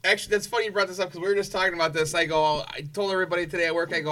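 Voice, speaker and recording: Very bright-voiced joking man, distant mic. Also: high-pitched, steady tone, racing, few pauses. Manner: giggly, joking. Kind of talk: casual chat. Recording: distant mic with faint noise.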